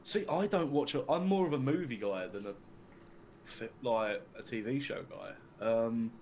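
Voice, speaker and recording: A man's voice: mid-range voice, a little slow, darkish tone, a little hiss or hum. A young man with an English accent chatting casually, rambling and filling his talk with "like" and the odd swear word. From England. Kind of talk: casual chat.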